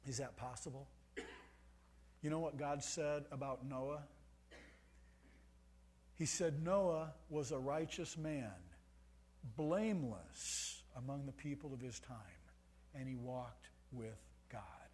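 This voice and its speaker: A man preaching a sermon, stressing key words by swinging between soft and loud. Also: on the high side, expressive, slow, long pauses, husky.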